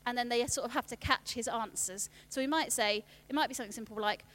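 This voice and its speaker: A woman, giving a workshop talk on children's ministry in a chatty way, with quick asides and restarts. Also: a little high, a bit bright.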